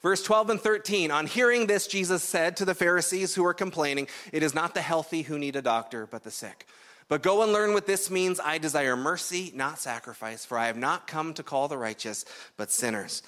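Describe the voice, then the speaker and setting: A man's voice: on the high side, brisk, fairly bright tone. A man from Canada preaching a sermon in a conversational, explanatory way, often checking in with "right?". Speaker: pastor.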